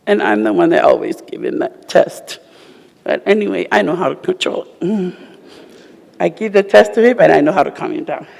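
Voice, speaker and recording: A woman giving a eulogy for her husband at a funeral, speaking emotionally in halting, broken-off phrases. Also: lowish voice, lively intonation, gravelly, darkish tone, in a large hall. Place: funeral service hall.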